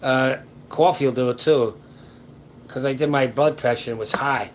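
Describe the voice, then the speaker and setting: A man's voice: mid-range voice, steady tone, normal speed, low-quality recording. An older man hosting a casual late-night chat, giving rambling, folksy advice with slangy grammar to viewer questions. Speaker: livestream host answering viewer questions.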